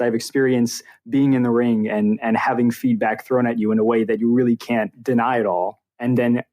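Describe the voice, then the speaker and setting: A man's voice: medium pitch, a little mellow. A man hosting a podcast, reflecting thoughtfully on what his guest just said. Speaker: podcast host. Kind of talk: casual interview.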